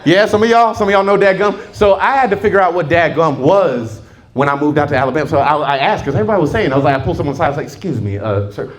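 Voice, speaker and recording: A man from Southern California performing a stand-up comedy set, telling stories full of voices and quick asides. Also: on the high side.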